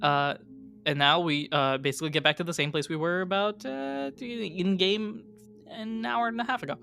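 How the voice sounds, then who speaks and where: A man runs the tabletop game as game master, narrating rolls and scenes in a relaxed way with easy chuckles. His voice sits a little high, with quiet music behind. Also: fast talker.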